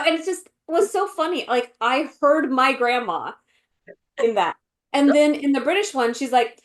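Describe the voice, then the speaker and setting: A woman co-hosting a podcast in casual chat, animated and full of fillers, often acting out quotes. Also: high-pitched, normal speed. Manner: animated, acts out quotes in voices, many fillers. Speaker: podcast co-host.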